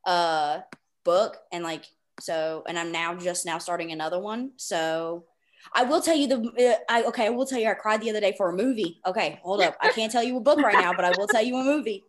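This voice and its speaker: Gushing, excitable woman podcast host. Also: mid-range voice. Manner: excitable, gushing, fast rambling with many fillers. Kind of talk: casual podcast chat.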